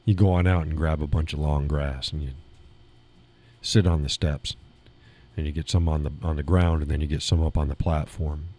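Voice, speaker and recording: A man with a deep, mellow, slightly husky voice chats casually on his live stream. He rambles from one thought to the next and breaks into chuckles often, recorded in a small home studio. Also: fairly even intonation, moderate pace. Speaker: live show host.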